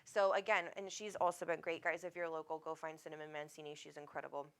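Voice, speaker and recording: A woman's voice: low voice, little pitch movement, fast, fairly bright tone. A woman, hosting a live stream as a psychic medium, chatting casually, reading viewer comments aloud, laughing often and swearing freely.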